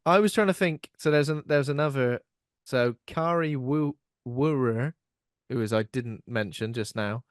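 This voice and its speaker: A man's voice: medium pitch, measured pace, no echo, studio quality. A man co-hosting a podcast in casual chat, rambling and self-mocking, laughing often. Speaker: podcast co-host.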